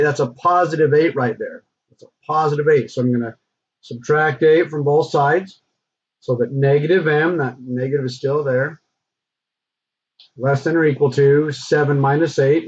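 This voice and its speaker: A man teaching a recorded math lesson, talking through the steps in a relaxed, conversational way with frequent fillers. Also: mid-range voice, husky. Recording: dull lo-fi recording.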